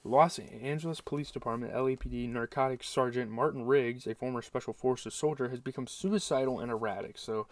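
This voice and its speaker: A man's voice: mid-range voice, fairly quick, few pauses, no room sound, far from the mic. A young man hosting a casual movie review, rambling and correcting himself as he thinks aloud.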